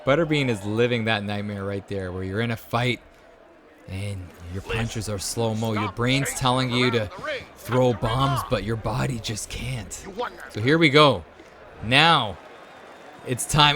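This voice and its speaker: Speaking on the low side, slowly and with frequent pauses, a man hosts a let's-play while a crowd is audible behind him. He commentates casually and with excitement, cheering at the game and dropping his voice when the action gets tense.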